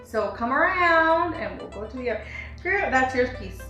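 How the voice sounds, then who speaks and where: A woman's voice: high-pitched, expressive, normal speed, sharp tone. A woman hosting a casual home cooking demonstration, chatty and teasing, with many fillers. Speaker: cooking channel host. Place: home kitchen. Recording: echoey kitchen, faint music.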